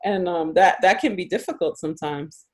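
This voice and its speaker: Chatty woman with a lower voice. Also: normal speed. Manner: chatty, laughs often, many fillers. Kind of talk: casual conversation.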